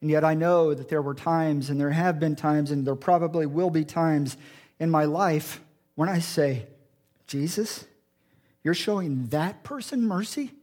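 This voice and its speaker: Guy preaching, fairly high voice, earnest, drops low n quiet for quotes. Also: fairly even intonation, moderate pace. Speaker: pastor. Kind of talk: sermon.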